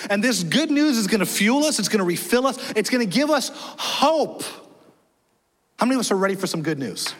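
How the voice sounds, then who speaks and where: Man, pastor, sermon, high voice, energetic, quizzes the congregation, long church reverb. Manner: energetic, chatty, asks the congregation questions. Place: church auditorium.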